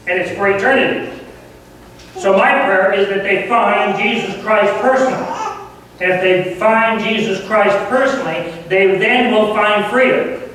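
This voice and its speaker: A man with a high voice preaches a fervent, emphatic sermon. The sound is heavily echoey, as if picked up from a distance across a church sanctuary, with a faint hiss underneath. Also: a bit bright. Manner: earnest, emphatic, grows fervent. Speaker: guest preacher.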